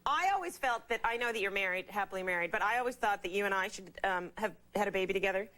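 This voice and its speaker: A woman's voice: medium pitch, expressive, quick pace, bright, forceful tone. A woman comedian in her thirties, a guest on a late-night talk show, telling stories and laughing often. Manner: chatty storyteller, laughs a lot, does voices of others. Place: TV studio with live audience. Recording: studio audience and noise behind.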